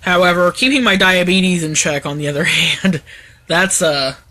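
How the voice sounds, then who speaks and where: Bright-voiced man in casual profane chat. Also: high-pitched, moderate pace. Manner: laid-back, profane, rambling with fillers. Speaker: co-host. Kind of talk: casual live-stream chat. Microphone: phone.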